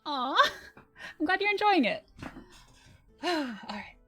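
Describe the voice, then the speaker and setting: Woman, author reading aloud, livestream, soft measured narration, faint background music. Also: sits high, sing-song. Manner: soft, measured narration, laughs between passages. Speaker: author reading her own novel.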